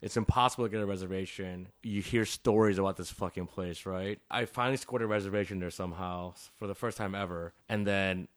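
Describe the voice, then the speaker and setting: A man's voice: sits low, brisk, few pauses. A middle-aged man, a visual artist, telling a story in a casual interview, swearing often and laughing through his sentences. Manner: profane, laughing, animated storytelling.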